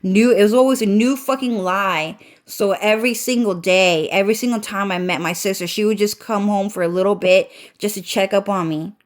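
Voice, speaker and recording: A woman's voice: medium pitch, brisk, few pauses. A woman ranting through a storytime vlog, swearing constantly and chaining "and then" with a stuffy, congested voice. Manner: profane, repetitive, chains "and then". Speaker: vlogger. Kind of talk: rambling storytime rant.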